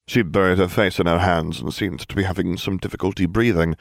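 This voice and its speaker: A man reading a first-person story aloud with dry, deadpan comic delivery. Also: sits low, brisk, creaky, few pauses, no echo. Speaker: narrator.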